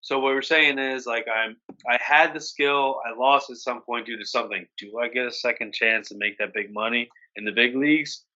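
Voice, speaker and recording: A man's voice: medium pitch, fairly even intonation, moderate pace, few pauses, bright, forceful tone. A man on a podcast asking questions in an easygoing way in casual chat. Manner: easygoing, inquisitive. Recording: muffled lo-fi podcast audio.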